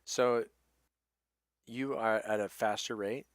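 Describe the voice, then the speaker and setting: A man narrating as game master of a tabletop game in an easygoing way with many pauses. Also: on the low side, steady tone.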